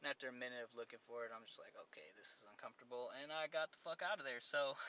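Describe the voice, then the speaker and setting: A young man with a very bright, sharp-edged voice tells a loose, rambling story on his podcast. He circles back and restarts often, piling on fillers. The audio is a bit dull and lo-fi. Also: mid-range voice, quick pace, clear, resonant tone. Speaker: podcast host. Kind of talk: casual storytelling monologue.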